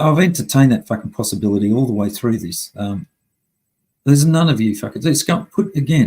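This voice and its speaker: Husky, swearing male streamer ranting. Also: mid-range voice, a little mellow, poor audio. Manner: heavy swearing, angry and blunt. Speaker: live stream host. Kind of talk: casual live-stream rant.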